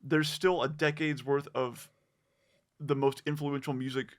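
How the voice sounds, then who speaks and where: A man co-hosting a podcast, talking in a hesitant, relaxed way. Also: mid-range voice, measured pace. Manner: hesitant, relaxed, many fillers. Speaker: podcast co-host. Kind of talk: casual chat.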